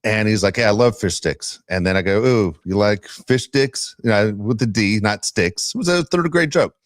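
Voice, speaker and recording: Podcast host, middle-aged man, low-pitched, lively storyteller on a dry mic. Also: moderate pace, dry recording. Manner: animated storyteller, ranting, laughs often. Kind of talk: casual sports podcast chat.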